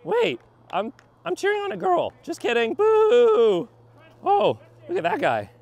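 A man giving excited, joking play-by-play of a softball game from an outdoor field, filmed by a camera on a tripod. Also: very high voice, unhurried, gravelly, dry recording, highs cut off. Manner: excitable, joking, yelps and exclamations. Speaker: vlogger and softball player.

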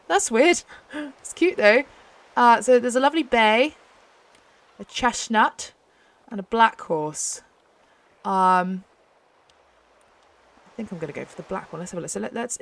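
A young woman host chatting excitedly as she plays a game, often laughing. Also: medium pitch, unhurried, long pauses, no room sound. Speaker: gaming channel host. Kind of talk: casual gameplay commentary.

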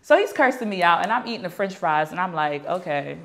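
A young adult woman being interviewed, telling a long story in a lively way and acting out the people in it. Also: fairly low pitch, fast talker. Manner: animated, acts out quoted dialogue. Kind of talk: storytelling anecdote.

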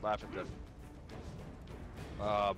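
A man's voice: lowish voice, monotone, very slow, a bit bright, soft background music. A man joining a game stream as a guest, chatting casually with goofy, teasing jokes. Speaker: guest player. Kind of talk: casual gaming chat.

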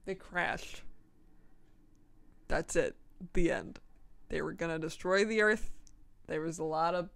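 Swearing woman podcaster reading old fan fiction. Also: on the low side. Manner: swears often, laughs at her own writing, mock-outraged asides. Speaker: podcast host.

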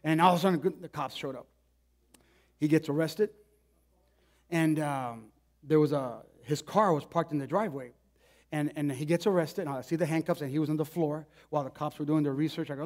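A male pastor preaches, slipping into an animated personal story. He talks conversationally, often restarting his sentences. His voice sits on the higher side. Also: fairly quick.

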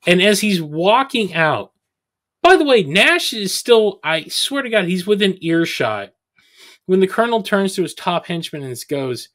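A podcast host, a man, recaps a bad movie in casual, sarcastic chat. His voice sits a little high, and his intonation swings widely as he tells the story. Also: very animated, unhurried, a bit bright.

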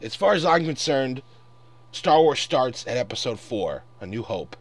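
Lively, angry young man ranting. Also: medium pitch, normal speed, dry recording. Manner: angry, profane, exasperated. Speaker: vlogger. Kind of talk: ranting commentary.

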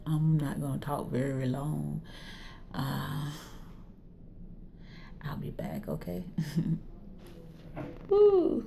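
A woman's voice: extremely low pitch, gravelly, dark tone, slight background noise. A woman chatting casually into her phone in a clinic waiting room, nervous and laughing between phrases. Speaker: vlogger. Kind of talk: casual vlog chat.

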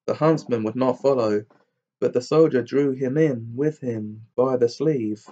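Man, fairy tale reading, measured, mellow, dull lo-fi recording. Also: medium pitch. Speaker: storyteller. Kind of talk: fairy tale read aloud.

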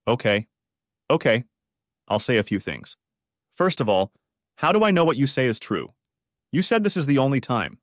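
A man's voice: mid-range voice, big pitch swings, normal speed, pauses often, no echo, clean studio sound, close to an everyday voice. A man voicing a bitter, unforgiving estranged wife in a story reading, speaking coldly and accusingly. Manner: cold and accusing.

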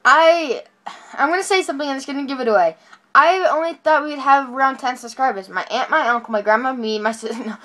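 A woman vlogging casually from her bed at home into a phone, talking excitedly and rambling, correcting herself as she goes. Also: sits high, brisk. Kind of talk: casual vlog talking to camera. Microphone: phone camera.

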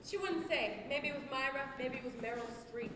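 A woman's voice: high-pitched, brisk, very noisy, lightly acted. A teenage girl in a school play, acting a wry, exasperated well-off wife. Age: teens. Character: exasperated wealthy middle-aged wife, wry. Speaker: student actor in a school play. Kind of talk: amateur stage acting. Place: large school auditorium stage. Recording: echoey auditorium with loud audience.

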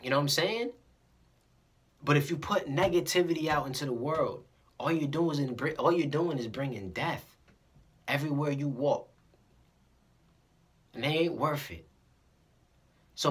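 A casual motivational vlogger speaking directly to viewers at a mid-range pitch. The delivery is animated and preachy, with stumbling repeats and little acted-out dialogues. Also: moderate pace, long pauses. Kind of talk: casual motivational talk to camera.

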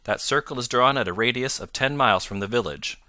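A man's voice: mid-range voice, a little fast, no echo, studio quality, pitched above the performer's own voice, lightly acted. A man doing a bluff, hearty police inspector. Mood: businesslike. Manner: jovial, loud, confident.

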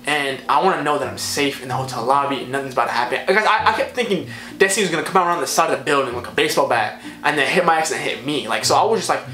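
Brief: young male vlogger, fast and lively, rambling storyteller, roomy echo. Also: medium pitch. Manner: rambling, animated, filler-heavy. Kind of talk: storytime vlog. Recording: echoey room, faint music.

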